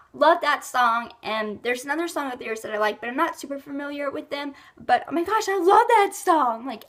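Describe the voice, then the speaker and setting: A woman's voice: high voice, bright, forceful tone. A woman vlogger with a stuffy nose from a cold, rambling casually through her monthly favorites with lots of fillers. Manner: chatty and rambling, many fillers like "like" and "um". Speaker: beauty and lifestyle vlogger.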